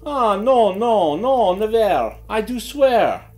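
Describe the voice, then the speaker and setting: Guy doing a squeaky hysterical young lady pleading, big swoops in pitch, audiobook drama. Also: sing-song, slow, darkish tone, faint music behind, exaggerated voice. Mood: frightened. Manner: high, pleading, near hysterical. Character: terrified young woman witness, hysterical.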